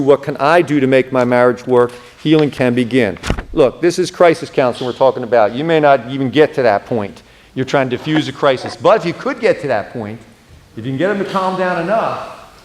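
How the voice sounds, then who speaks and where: Pastor lecturing in an echoey hall. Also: male voice, medium pitch. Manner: conversational, often checks in with "okay?"; drops to a soft slow voice when modeling calm speech. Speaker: pastor teaching a counseling class. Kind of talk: classroom lecture. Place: church hall. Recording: echoey church room.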